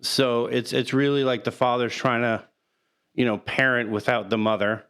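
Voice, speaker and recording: A man co-hosting a podcast, talking casually about a film in a rambling, halting way and laughing now and then. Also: mid-range voice, level tone, fairly bright tone, clear, resonant tone. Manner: rambling, halting, laughs through sad moments. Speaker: podcast co-host.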